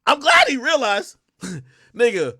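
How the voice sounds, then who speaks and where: Excitable high-voiced man ranting loudly. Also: measured pace, no echo, studio quality. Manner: loud, excitable, shouts and laughs often; profane, addresses chat directly. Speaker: livestream host. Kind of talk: casual livestream rant.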